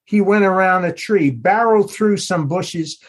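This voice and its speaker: A man, the author, reading aloud from his novel in a measured, unhurried storytelling manner. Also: sits high. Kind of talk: literary reading.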